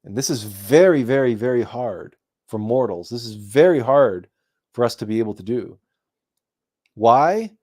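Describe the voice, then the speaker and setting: A man hosting a spiritual talk show, speaking in a monologue that grows animated as he acts out imagined people. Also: mid-range voice, moderate pace. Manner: animated storytelling, acting out imagined people in raised voices. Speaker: host.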